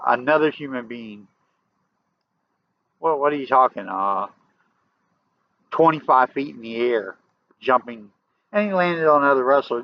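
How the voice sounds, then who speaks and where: A vlogger from the American South tells a meandering story to camera, often restarting and growing emphatic. His Southern US accent comes through in a mid-range voice. The audio is dull and lo-fi, with a little hiss or hum.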